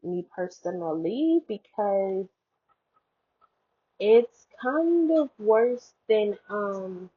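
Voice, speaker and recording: A young woman chats slowly and loosely, her husky voice drifting through fillers and self-mocking jokes. The sound is thin and phone-like, as if coming through a cheap headphone mic. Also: animated. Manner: rambling, filler-heavy, jokey and self-mocking. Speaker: vlogger. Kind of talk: casual chat. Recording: tinny low-quality headphone mic.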